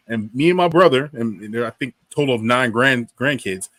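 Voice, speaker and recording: A man's voice: mid-range voice, animated, a little fast, a bit bright, no echo. Man, slangy, rambling, dry recording. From Philadelphia. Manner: slangy, rambling, laughs while talking. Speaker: podcast co-host. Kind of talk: casual fan chat.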